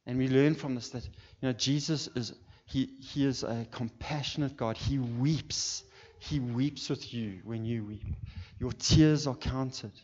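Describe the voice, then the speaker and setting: A man's voice: medium pitch, unhurried, darkish tone. A male pastor preaching a passionate sermon, building up to fervent calls to his listeners. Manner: impassioned, rising to calls. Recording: dull sound with long hall reverb.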